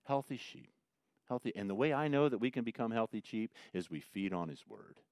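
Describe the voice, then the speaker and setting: A middle-aged male pastor preaching a sermon and reading scripture, swinging between hushed repetition and loud, emphatic points. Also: fairly low pitch, expressive, fast talker, no room sound, clean studio sound. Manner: repeats phrases for emphasis.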